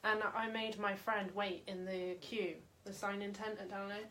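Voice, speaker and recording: A woman interviewing a guest in a home, telling stories in a lively, self-mocking way. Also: mid-range voice, normal speed, slight background noise. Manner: animated, self-mocking storyteller. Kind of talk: casual chat. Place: home living room.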